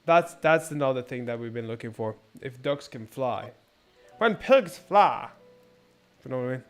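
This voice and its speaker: A man's voice: medium pitch, quick pace, smooth, faint music behind. A man streaming a game and chatting with viewers, rambling, crude and sarcastic, with many restarts. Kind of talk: casual gameplay commentary.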